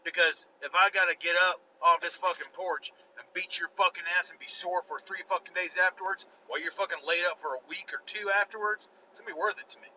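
A man's voice: high voice, fairly even intonation, fast, few pauses, bright, forceful tone. A middle-aged man rambling in a casual, profane, folksy monologue while sitting in a vehicle. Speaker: vlogger. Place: inside a vehicle on a back road. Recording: dull lo-fi sound with faint car noise.

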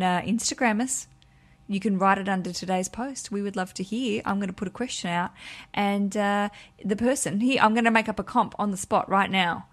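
A chatty woman hosts a podcast in a relaxed, friendly chat. She talks in a bubbly way and breaks into laughter often. Her voice sits at an ordinary pitch for a woman. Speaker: podcast host. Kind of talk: casual chat.

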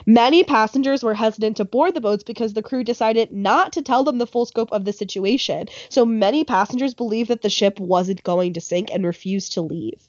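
A woman's voice: a little high, brisk, few pauses, a little mellow, no echo. Woman rambling through a history story, um and like a lot, dry close mic, kinda dull lo-fi sound. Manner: chatty, many ums and likes, corrects herself. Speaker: podcast co-host telling a history story. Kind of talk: casual storytelling.

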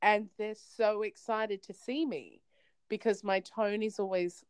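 A woman's voice: medium pitch, fairly even intonation, a little slow, clean tone, no echo, rough recording. A woman co-hosting a podcast in casual chat, telling stories animatedly and laughing often. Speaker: podcast co-host.

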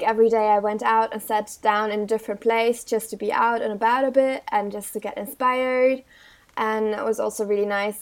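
A young woman with a German accent, co-hosting a casual podcast chat and talking hesitantly with many fillers. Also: on the high side. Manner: hesitant, many fillers and restarts, laughs often. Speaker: podcast co-host.

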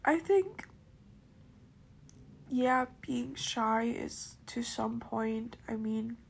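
A woman hosting her own podcast, talking casually in a rambling, chatty solo monologue with many fillers and soft asides. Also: a little high, extremely slow, gravelly, slightly rough. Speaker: podcast host.

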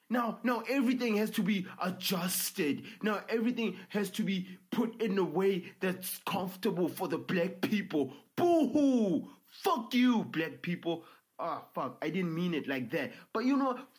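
A man's voice: on the high side, husky. A young man, ranting angrily as a vlogger with profanity and stammered repeats. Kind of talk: angry ranting commentary.

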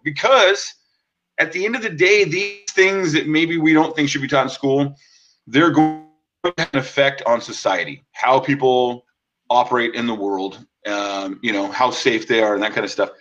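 A man's voice: mid-range voice, moderate pace, muffled recording, faint music behind. A man on a podcast chatting casually, telling a story with lots of acted-out quotes and fillers. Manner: animated, acts out quotes with many fillers. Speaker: podcast co-host.

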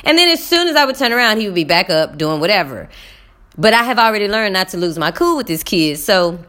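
A woman teacher telling her viewers a classroom story in a casual, animated way, acting out voices and speaking to them as y'all. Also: mid-range voice, quick pace. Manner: animated, talks to viewers as y'all, acts out dialogue. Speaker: middle school teacher.

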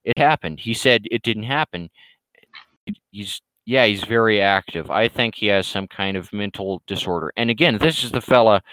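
Man, low voice, smooth and resonant, rambling casual stream talk. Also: pushed and bright, no room sound, rough recording. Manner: rambling, hesitant, frequent restarts. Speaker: streamer and comic creator. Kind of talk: casual livestream talk, reading viewer questions.

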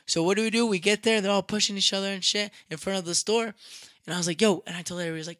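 A young man casually telling a rowdy story, profane and animated, acting out what people said. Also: high-pitched, rapid-fire, no echo. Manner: animated, profane, acts out quotes loudly.

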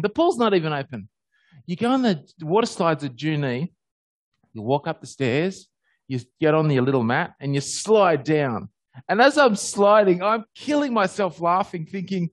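Recorded dry and close with no room sound, this Australian preacher moves at a moderate pace through a relaxed sermon full of his own stories. His delivery is lively, and his voice jumps upward each time he gets excited about something joyful.

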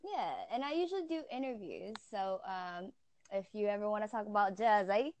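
A woman's voice: mid-range voice, expressive, moderate pace, a little mellow, muffled recording. A woman from Houston chatting casually as a fellow radio host, with lots of "like" and "um" fillers. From Houston, Texas. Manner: chatty, many "like" and "um" fillers, laughs often. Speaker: internet radio station host, guest. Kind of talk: casual chat.

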